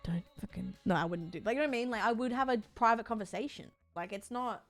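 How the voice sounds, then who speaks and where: A woman's voice: a little high, fast talker, faint music behind. Chatty woman streamer, frank and rambling. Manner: rambling, frank, swears freely, full of fillers and playful bits. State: sore body. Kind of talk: casual chat while gaming on stream.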